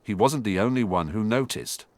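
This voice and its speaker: A man reads an audiobook as scripted narration, telling the story with animation. His voice is low and moves in lively swings. The sound is dry and close. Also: moderate pace, no echo.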